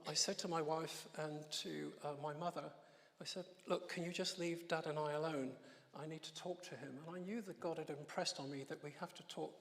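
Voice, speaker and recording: A man in his sixties giving his testimony in church, telling an emotional story with halting restarts and soft laughs. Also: on the high side, creaky, big-room sound. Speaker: guest speaker giving testimony. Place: church hall.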